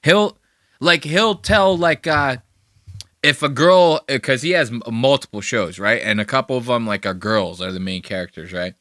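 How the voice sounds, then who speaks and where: Bright, dry-sounding profane podcast man. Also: mid-range voice, normal speed, dry recording. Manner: rambling and profane. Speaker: podcast host. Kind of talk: casual reaction commentary.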